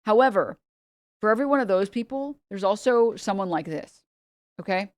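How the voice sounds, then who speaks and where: A woman's voice: medium pitch, animated, moderate pace, slight background noise. A woman from the United States, a streamer who chats bluntly and with a lot of swearing while reacting to videos on stream. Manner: blunt, profane, chatty. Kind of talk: casual reaction stream chat.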